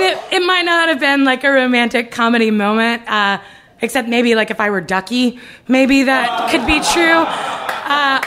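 A young woman telling a comic personal story live on stage, animated and given to loud ranting retellings. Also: high voice, very noisy. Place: live stage before an audience. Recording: live show with a laughing crowd.

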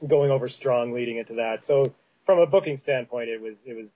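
A man's voice: medium pitch, fairly quick, highs cut off. A man with a Canadian Prairies accent hosting a podcast in casual chat, rambling with many fillers and restarts. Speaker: podcast host.

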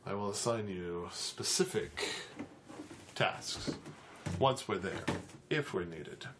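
A cold, commanding warlock, put on by a man for a tabletop game, his voice dropped low and hushed. He speaks in slow, grave pronouncements that leave no room for argument. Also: noisy background.

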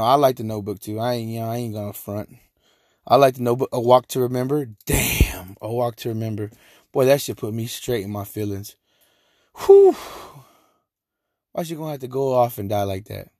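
A young man riffing alone on his podcast, loose, slangy and profane, wandering from one thought to the next. His voice sits in an ordinary middle pitch for a man. The sound is close and dry, with no room echo. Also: darkish tone. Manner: profane, joking, slangy and rambling. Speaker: podcast host. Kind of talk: casual solo podcast monologue.

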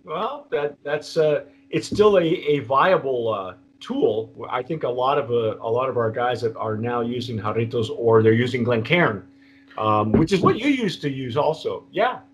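A man's voice: medium pitch, animated, moderate pace. Chatty man hosting a tasting show. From Texas. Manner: rambling, many restarts and fillers. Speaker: host. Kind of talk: casual tasting chat.

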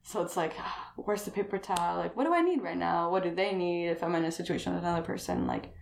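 A woman's voice: fairly low pitch, fast, vocal fry, a little hiss or hum. A woman chatting casually as a guest, rambling and saying "like" constantly, laughing often. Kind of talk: casual conversation. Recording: roomy echo.

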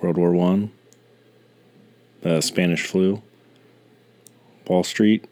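Man with a deep dark gravelly voice, dry deadpan humor, casual home chat. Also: extremely slow. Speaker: podcast co-host.

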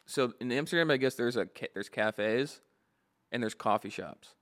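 A man's voice: mid-range voice, normal speed, fairly bright tone. A young man co-hosting a podcast in casual chat, laughing often and cursing freely. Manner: laughing often, loose and profane. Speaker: podcast co-host.

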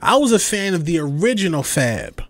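Speaking at a moderate pace, a young podcast host rants in an animated, funny way, trying on little voices and looping back to the same catchphrases. His voice is fairly high for a man, recorded close and dry with no echo.

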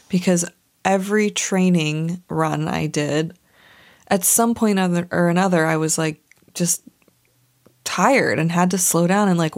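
A woman hosting a podcast, telling a personal story in a candid, emotional way with many "like" fillers, at times tearful. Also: fairly low pitch. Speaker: podcast host.

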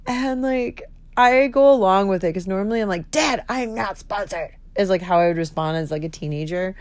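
A woman in her thirties talks into a close podcast mic, giggly and expressive, dropping swear words without a pause. Her voice sits in a middle register and the sound is dry, with no room around it. It is a candid, unscripted solo monologue. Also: mid-range voice, clear, resonant tone, no room sound. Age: 30s. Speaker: podcast host.

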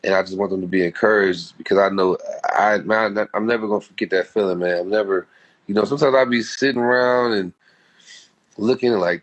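A man's voice: lowish voice, fairly even intonation, fairly quick, highs cut off. A man being interviewed as a guest, telling a personal story in a heartfelt, rambling, slangy way. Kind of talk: casual storytelling.

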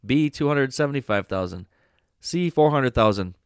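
A man reading quiz questions deadpan, then joking about himself in a casual podcast chat. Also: medium pitch, moderate pace, clean tone, dry recording, studio quality. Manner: deadpan quizmaster, self-mocking. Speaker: podcast guest running a quiz segment.

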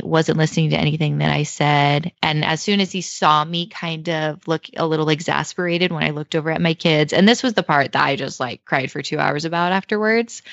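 A woman in her thirties tells a personal story in an animated, emotional way. She leans on "like" and "you know", and her low voice is gravelly with vocal fry. The recording is dry and dull, with little room sound. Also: no room sound. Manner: heavy use of fillers like "like" and "you know". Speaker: mother telling a personal story.

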